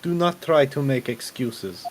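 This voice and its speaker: A man's voice: mid-range voice, animated, unhurried, a little mellow, slight background noise, natural voice. A man voicing a stern, threatening male captor with an exaggerated put-on Russian accent and broken grammar. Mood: menacing.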